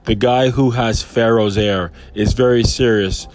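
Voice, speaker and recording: A man's voice: medium pitch, fairly even intonation, unhurried, few pauses, a little mellow, soft background music. A man casually reading a Bible chapter aloud and commenting on it, enthusiastic and rambling with many fillers.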